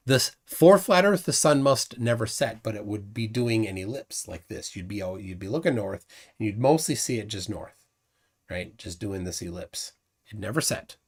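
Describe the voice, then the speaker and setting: Male streamer, mid pitch, scornful and combative, stumbles and repeats words. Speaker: livestream host. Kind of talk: casual livestream debunking.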